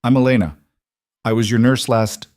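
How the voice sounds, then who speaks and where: A man's voice: mid-range voice, steady tone, normal speed, darkish tone, no echo, natural voice. A tired young nurse, as a narrator puts her on keeps her voice small and careful, raised to sound female. It is dry and close. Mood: earnest.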